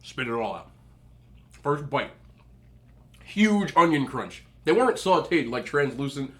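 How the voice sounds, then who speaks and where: A man's voice: medium pitch, sing-song, unhurried. A young adult man telling chatty stories as a mukbang vlogger, eating and talking with his mouth full. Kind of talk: casual storytelling while eating.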